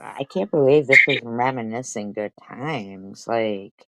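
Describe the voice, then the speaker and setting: A woman's voice: a bass voice, measured pace, a bit bright, a little hiss or hum. A woman streaming live, making crude and mocking comments on a clip she is reacting to. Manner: mocking and crude, repeats jabs.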